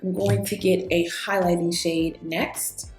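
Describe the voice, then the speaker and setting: A woman beauty vlogger chatting casually while doing her makeup, an animated storyteller who talks straight to her viewers. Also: on the low side, unhurried. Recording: echoey room with faint background music.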